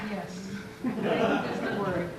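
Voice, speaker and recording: Relaxed woman folk singer introducing songs. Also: medium pitch, very slow, heavy background noise. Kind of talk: stage talk at a concert. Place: live concert in a recording studio. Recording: echoey live recording from far off with loud guitar.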